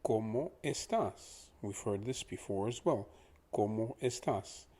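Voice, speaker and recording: A man teaching pronunciation in a patient lesson, repeating each word slowly for the listener to copy. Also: on the low side, expressive, warm tone. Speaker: language teacher.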